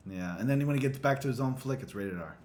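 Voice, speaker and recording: A man hosting a casual livestream chat on a studio condenser mic, animated and laughing often. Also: mid-range voice, fast, a little hiss or hum. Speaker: livestream host.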